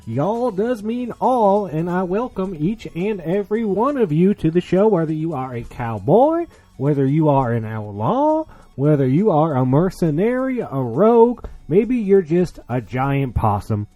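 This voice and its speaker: Man doing a cowboy host voice, Southern drawl, whooping, boastful, mellow tone. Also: fairly high pitch, sing-song, a little slow, dry recording, highs cut off, faint music behind. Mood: boisterous. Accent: put-on Southern cowboy drawl. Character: hammy cowboy rodeo host, rowdy.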